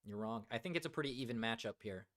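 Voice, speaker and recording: A man's voice: medium pitch, animated, fast talker, fairly bright tone. A man hosting a casual livestream, joking around and reading viewer comments aloud. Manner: joking, reads chat aloud, many fillers. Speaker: livestream host.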